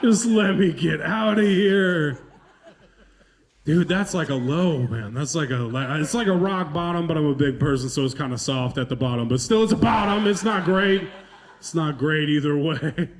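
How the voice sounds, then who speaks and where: A man's voice: fairly high pitch, moderate pace, noisy background. Laughing, self-mocking male comic. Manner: loose, profane, self-mocking, laughs through lines. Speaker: stand-up comedian. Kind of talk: stand-up comedy set.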